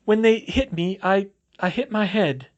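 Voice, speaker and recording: A man voicing a distraught middle-aged woman teacher who rambles in halting, broken sentences and sobs. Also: high-pitched, lo-fi sound, voice pushed up. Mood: sobbing. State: sobbing.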